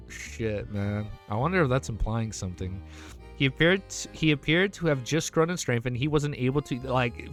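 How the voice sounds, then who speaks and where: A man's voice: mid-range voice, lively intonation, moderate pace, fairly bright tone, faint music behind. A man hosting his channel, reading a web novel aloud and breaking off to react with swearing and emotional outbursts, stumbling over lines. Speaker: channel host.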